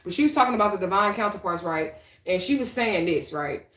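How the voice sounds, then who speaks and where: A woman's voice: mid-range voice, lively intonation, brisk, echoey room. A woman, a psychic reader ranting profanely and combatively to her followers in a vlog. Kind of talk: rambling vlog rant.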